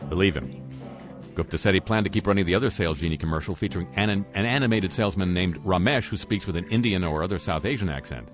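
Deep-voiced sarcastic radio host man. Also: quick pace, soft background music. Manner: sarcastic, wry asides. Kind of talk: talk radio news commentary.

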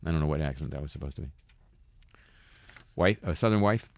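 A man's voice: very deep voice, lively intonation, fairly quick. A man hosting a satirical news segment, reading stories and tossing in wry, sarcastic asides. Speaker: comedy news host.

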